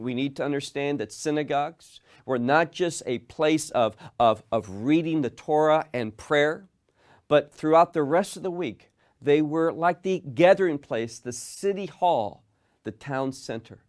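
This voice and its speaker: A man's voice: on the high side, lively intonation, measured pace. A man teaching a verse-by-verse Bible study in an earnest way, putting reflective questions to his listeners and repeating words as he builds each point.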